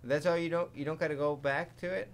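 A man giving live commentary over a zombie game, excitable and jumpy, swearing often and laughing at his own jokes. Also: a little high, fast talker, a little hiss or hum. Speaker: gaming commentator.

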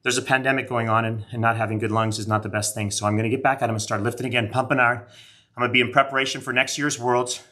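Middle-aged male streamer, bright tone, chatty and self-deprecating, a bit winded. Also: mid-range voice, flat delivery, quick pace. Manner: rambling, self-mocking, chatty with viewers. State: out of breath. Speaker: card collector streaming live. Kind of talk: casual live-stream chat.

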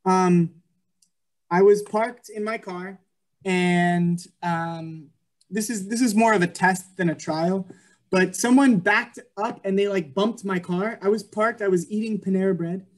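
A young man shares his faith story over a video call, sounding earnest and filling his pauses with ums and likes. His voice sits a little high for a man. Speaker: guest speaker.

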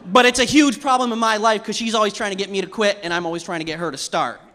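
Brief: young male comedian on stage, high bright voice, chatty delivery that ramps up into shouts. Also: quick pace. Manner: loose, conversational, building to shouts. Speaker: stand-up comedian. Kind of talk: stand-up comedy routine. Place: theater stage before a live audience.

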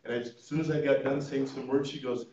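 A man who is a chaplain and funeral planning consultant, telling stories to a class in an animated, informal way and laughing at his own stories. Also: medium pitch, fast, very noisy. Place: church meeting room. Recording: echoey room, mic at a distance, dull sound.

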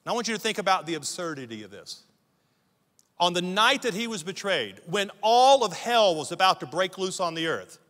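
A man's voice: high-pitched, pushed and bright. A man preaching a sermon as pastor, emphatic, often repeating words as he starts a sentence. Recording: long reverb of a big church hall.

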